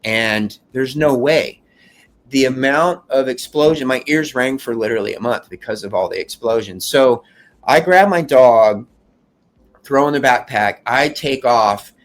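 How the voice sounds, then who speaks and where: A man with a medium-pitched voice gives an emotional first-person account of surviving a fire. He speaks earnestly but haltingly, restarting often.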